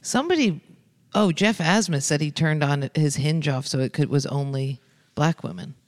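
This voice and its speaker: A man who is a comedian, chatting casually with friends in a quick, joking, crude way. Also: a little high.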